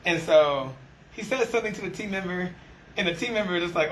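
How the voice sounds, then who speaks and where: A man who leads a restaurant team, chatting casually and acting out the exchanges in his stories with lively energy. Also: high-pitched, fast talker, slight background noise, rough recording. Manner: animated storyteller, acts out quoted exchanges. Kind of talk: casual conversation.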